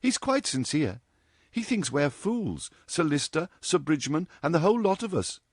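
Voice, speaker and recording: A male narrator voices a cheeky, outspoken young woman in a storybook reading, her teasing chatter full of mock drama. The voice sits high with big pitch swings at a moderate pace, and the sound is dry, without echo.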